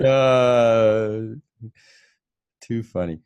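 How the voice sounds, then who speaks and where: A man's voice: mid-range voice, extremely slow, a little mellow, clean tone. A man from the Pacific Northwest hosting a casual live stream, chuckling often as he reads out listener check-ins. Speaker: host.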